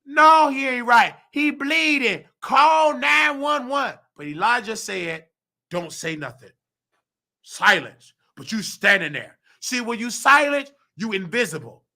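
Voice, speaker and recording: A man's voice: very high voice, expressive, unhurried, creaky, few pauses, bright, forceful tone. A man hosting his own vlog and ranting heatedly in a preachy, slangy way about his work as a nursing assistant. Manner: mimics other people's voices in quotes. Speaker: host.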